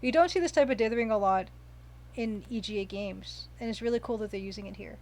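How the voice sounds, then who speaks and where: A woman's voice: mid-range voice, quick pace, a little mellow. A woman casually commenting while streaming a retro game, chatting, reading viewer comments aloud and gushing over the pixel art.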